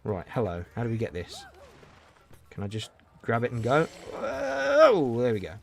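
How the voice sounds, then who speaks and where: A man's voice: medium pitch, wildly swooping pitch, normal speed, vocal fry, soft background music. A man chatting casually on a game livestream, rambling and answering his chat. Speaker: game streamer.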